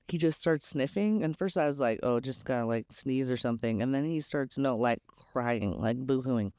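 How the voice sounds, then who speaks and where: Young woman host, frank storyteller, smooth and clear, dry booth sound. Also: very deep voice, normal speed, mellow, no room sound. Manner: candid and chatty, many "like"s. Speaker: podcast host. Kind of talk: casual storytelling.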